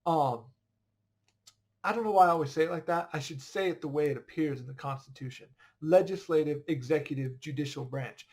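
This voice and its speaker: A man's voice: on the high side, brisk. A man teaching an online history lesson in a casual, conversational way, often checking whether students follow.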